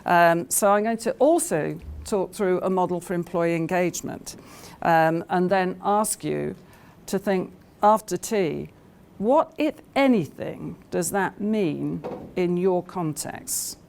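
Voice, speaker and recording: A woman's voice: on the low side, slow pace, gravelly, darkish tone, a little hiss or hum. A woman giving a conference talk, telling anecdotes with many hesitations and fillers. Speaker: conference speaker.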